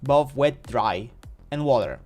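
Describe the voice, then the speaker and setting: Man, live streamer, playful rambler, mid pitch, soft music behind. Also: expressive, slow. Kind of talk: casual live-stream chat. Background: faint music.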